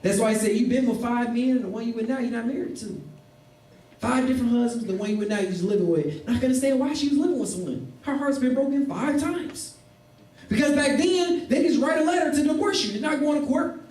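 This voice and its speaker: A man preaching a sermon as pastor, animated and acting out the people in his stories. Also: very high-pitched, fast. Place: church. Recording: echoey room, mic at a distance.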